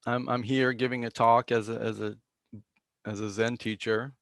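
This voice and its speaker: A man giving a reflective, self-deprecating dharma talk as a Zen teacher, halting with fillers and restarts and coughing now and then. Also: mid-range voice, flat delivery, gravelly, a bit bright, no echo, clean studio sound.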